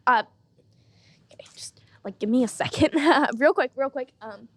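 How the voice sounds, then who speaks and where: Young woman, podcast host, mock-earnest deadpan humor, casual chat, dry close mic. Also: high voice, moderate pace, no room sound.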